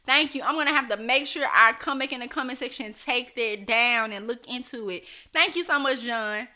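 A woman's voice: on the high side, fairly quick, sharp tone. A woman hosting a casual live stream, reading viewer comments aloud and chatting directly to her audience with frequent laughs. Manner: chatty, laughs often, talks straight to viewers.

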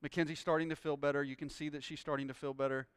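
A man preaching a sermon, telling a personal story and rising into loud, joyful praise. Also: a little high, level tone, racing, clear, resonant tone, dry recording, clean studio sound. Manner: exuberant, shouting praise. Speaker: pastor.

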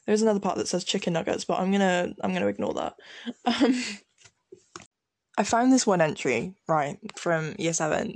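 A young woman with a mid-range voice reads from an old diary in casual chat, giggling and poking fun at herself in an animated way. A gravelly fry creeps in at the ends of her phrases, and the recording is close and dry with no room sound.

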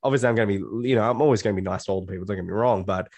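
A man's voice: lowish voice, racing, darkish tone, no echo. A man speaking as a guest life coach in a casual podcast conversation, blunt and swearing freely, acting out his own self-talk in quotes.

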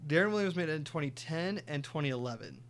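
A man's voice: on the high side, expressive, fast, a little hiss or hum. A young man co-hosting a sports podcast, casually reeling off stats and teasing. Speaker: podcast co-host.

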